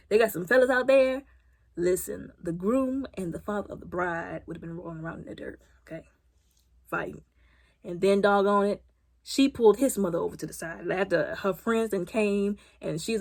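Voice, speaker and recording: A woman giving a casual, comedic movie review. She retells the plot in an animated, colloquial way and repeats words as she restarts. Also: medium pitch, fairly quick.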